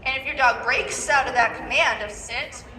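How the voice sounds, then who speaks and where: A woman's voice: high-pitched, moderate pace, pushed and bright, a little hiss or hum. A woman dog trainer giving a live demonstration, coaching handlers step by step and checking in with a repeated "okay?". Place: large indoor expo hall. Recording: echoey hall from far off.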